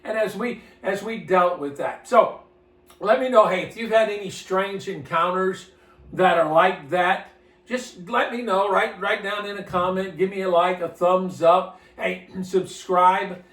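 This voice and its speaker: A man's voice: high-pitched, a little slow, a bit bright, far from the mic. A man who is a minister, telling a story in a casual, folksy, rambling way and often repeating his words. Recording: roomy sound from off-mic.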